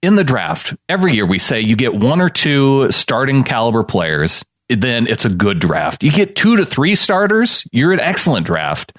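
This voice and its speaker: A man co-hosting a casual sports podcast, relaxed and agreeable with dry humor. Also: medium pitch, normal speed, hardly any pauses, dry recording. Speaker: podcast co-host.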